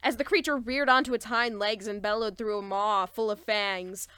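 A woman co-hosting a casual book-chat podcast, animated and giggly, reading quotes aloud. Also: mid-range voice, moderate pace, smooth, dry recording, studio quality. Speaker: podcast co-host.

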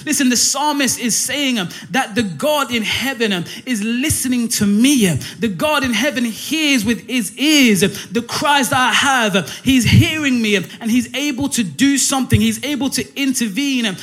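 A man preaching a sermon, animated, often saying "listen" and "um" between phrases. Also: very high voice, normal speed, few pauses.

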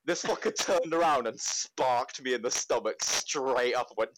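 A young man co-hosting a casual podcast chat, swearing freely and telling lively stories. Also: mid-range voice, moderate pace, few pauses, a little hiss or hum, rough recording. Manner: swears freely, animated storytelling. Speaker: podcast co-host.

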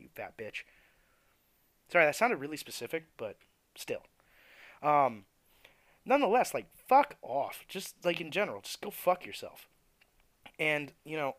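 A man's voice: mid-range voice, a bit bright, no echo. A young man ranting bluntly and profanely as a podcast host, venting about customers at his tire shop. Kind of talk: ranting monologue.

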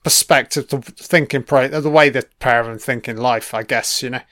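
A man's voice: medium pitch, steady tone, normal speed, a bit bright, no echo, studio quality. A man giving a casual, rambling film commentary, swearing freely and chuckling between asides.

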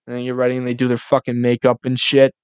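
A young man hosting a casual solo podcast, ranting with lots of swearing in an animated, loose way. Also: medium pitch, quick pace, smooth, no echo. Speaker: podcast host.

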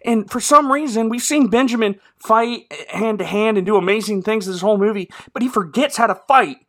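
Sarcastic man with a bright, high voice. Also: brisk. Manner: sarcastic, rambling, full of fillers and sound effects. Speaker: podcast host. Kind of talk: casual comedic movie recap.

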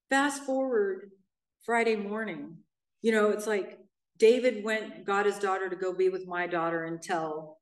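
A middle-aged woman tells her story as the main speaker at a recovery meeting. She is blunt and animated and slips into the voices of the people she quotes. Her voice sits at an average pitch, sounds distant from the mic and carries a roomy echo. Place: meeting room in a church.

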